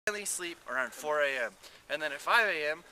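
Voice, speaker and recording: A young man at a campsite chatting excitedly and fast with a friend on an old camcorder. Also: on the high side, crowd noise. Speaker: camper. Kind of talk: casual chat on camera. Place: outdoors at a campsite.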